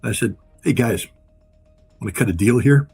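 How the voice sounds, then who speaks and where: Husky, blunt-talking man. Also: medium pitch, normal speed, a little mellow, soft background music. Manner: emphatic, repetitive, blunt. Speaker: guest commentator. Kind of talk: impassioned political commentary.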